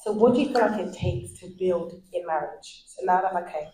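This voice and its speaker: An interviewer asking questions in a flat, even way. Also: mid-range voice, brisk. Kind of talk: conversational interview. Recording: roomy echo, faint room noise.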